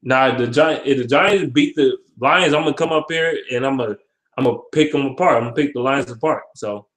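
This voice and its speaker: Brisk and mid-range in voice, this male sports vlogger reads comments and makes football predictions. His casual commentary is full of profanity, animated energy, and laughing trash talk.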